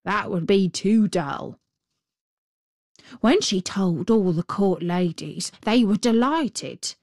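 A woman voicing a thoughtful, gossipy male crow in a fairy tale reading, speaking slowly and deliberately. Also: medium pitch, lively intonation, darkish tone, no room sound, clean studio sound. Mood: knowing.

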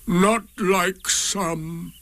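A man voicing a gloomy old grey male donkey in a storybook reading, drawing out every word in a slow, dragging, sighing way. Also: sits high, steady tone, a bit bright, no room sound, pitched above the performer's own voice, heavily acted.

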